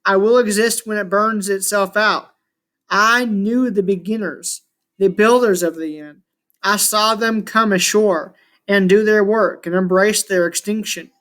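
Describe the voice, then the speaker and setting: A man's voice: high-pitched, steady tone, measured pace, fairly bright tone. A man reading aloud as an ancient, scornful male chaos god living in a shulker shell, grumbling and grandiose.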